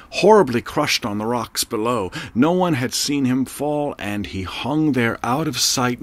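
A man narrating an audiobook in a slow, measured, reflective way. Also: mid-range voice, no room sound.

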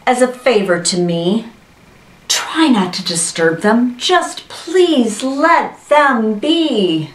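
A woman's voice: on the high side, very animated, slow pace, far from the mic, a little hiss or hum, voice pushed up. A woman voicing a kind, worried, loyal male elephant in a storybook reading, pleading and earnest. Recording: roomy, voice from off-mic.

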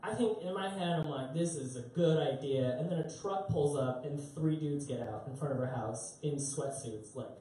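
A young man performs stand-up in a club, rambling and poking fun at himself with plenty of filler words. His voice is mellow and dark. The sound is very echoey and picked up from some distance, with faint room noise behind. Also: a little high, moderate pace, few pauses. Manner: rambling, self-mocking storytelling with many fillers. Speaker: stand-up comedian. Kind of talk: live stand-up comedy. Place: concert club stage.

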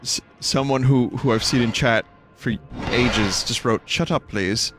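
A man's voice: mid-range voice, steady tone, unhurried, music in the background. A man streaming a horror game, giving casual commentary in a joking, self-mocking, rambling way. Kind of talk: casual let's-play commentary.

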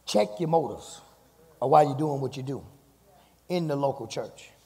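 Male pastor, raspy gravelly voice, fervent sermon delivery, church hall reverb. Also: expressive, normal speed. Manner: rising from low talk to fervent shouted preaching. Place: church sanctuary with long reverb.

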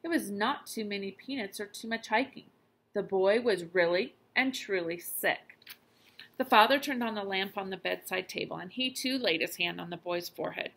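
A young adult woman, a teacher, reading a children's book aloud with expressive storytelling. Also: mid-range voice, normal speed, gravelly.

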